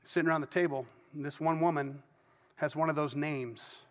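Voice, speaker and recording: A man's voice: a little high, steady tone, moderate pace. A middle-aged male pastor preaching a sermon to his congregation in conversational storytelling style, with asides. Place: church sanctuary before a congregation. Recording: long reverb of a large church hall.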